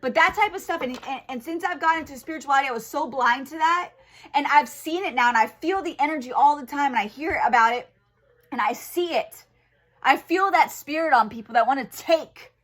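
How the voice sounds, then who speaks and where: A woman's voice: high-pitched, fairly quick, a bit bright. A young woman tarot reader giving a casual spiritual reading, blunt and full of swearing, who gets heated. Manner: blunt and profane, grows heated and angry.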